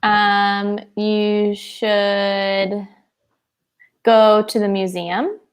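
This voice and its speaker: A woman's voice: medium pitch, little pitch movement, clean tone. A woman co-hosting an English lesson over a video call. She talks thoughtfully and laughs easily. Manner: slow, thoughtful, giggly. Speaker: webinar co-host. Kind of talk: casual online English lesson.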